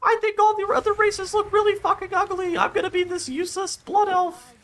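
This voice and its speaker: A man putting on the voice of an overexcited roleplaying gamer friend, shrill and gushing. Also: fairly even intonation, fairly quick, fairly bright tone. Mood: whiny.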